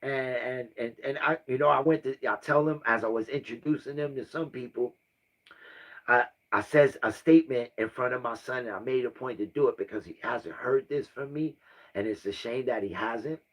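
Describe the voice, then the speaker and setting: At normal speed, a man in his fifties with a medium-pitched, fairly bright voice vlogs about his family. His story wanders and circles back, punctuated by sighs and repeated "right?"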